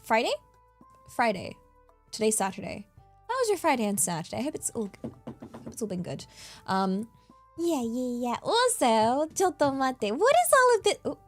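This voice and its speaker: A bubbly young-sounding woman chatting on a live stream, her voice sitting a little high and bouncing all over. She giggles and gets excited easily. Faint music plays behind her. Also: a little fast. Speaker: VTuber streamer. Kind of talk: casual live-stream chat.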